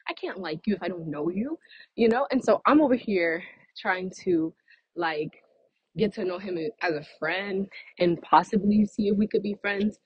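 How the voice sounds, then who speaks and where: A woman's voice: medium pitch, moderate pace, husky, no room sound, muffled recording. A young woman venting casually to her followers, chatty and exasperated, with laughing asides, a little out of breath from walking outdoors. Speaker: vlogger. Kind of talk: casual vent to camera.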